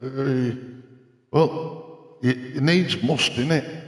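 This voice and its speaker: An older man chats loosely on a live game stream, rambling, chuckling at himself and poking fun at his own rig. He sounds mid-pitched and ordinary. The room throws a long, echoing reverb around his voice. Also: unhurried. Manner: rambling, chuckling, self-mocking. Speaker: gaming streamer. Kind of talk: casual live-stream chat while playing a racing game. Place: home gaming rig in a makeshift cardboard box.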